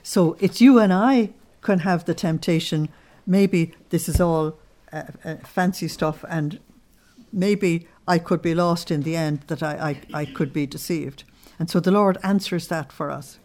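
A religious teacher, a woman with a lowish, dark voice, delivers an earnest, unhurried sermon. She teaches from scripture and weaves in personal stories along the way.

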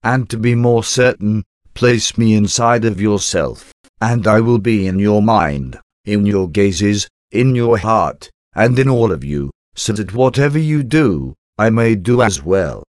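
Low-voiced man reading a reverent prayer. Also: animated, a little mellow, no echo, clean studio sound. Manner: measured, reverent reading in short phrases. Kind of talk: reading a devotional prayer aloud.

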